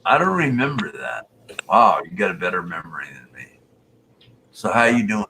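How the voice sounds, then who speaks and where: A man's voice: sits low, big pitch swings, normal speed, pushed and bright, slight background noise. A man hosting a casual live stream, chatting with callers and reading viewer comments aloud.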